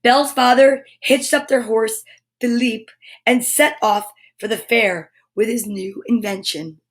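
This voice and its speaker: A woman reads a children's storybook aloud in a slightly high voice, taking her time over every phrase. She is animated and breaks off with gasps and little asides to the children listening. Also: unhurried. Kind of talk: reading a picture book aloud to children.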